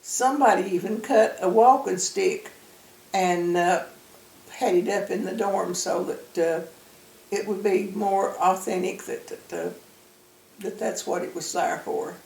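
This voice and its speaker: A woman telling a story in an interview, plain and unhurried, with frequent pauses. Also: mid-range voice, vocal fry, a little mellow. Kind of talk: reminiscing interview. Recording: roomy, distant mic.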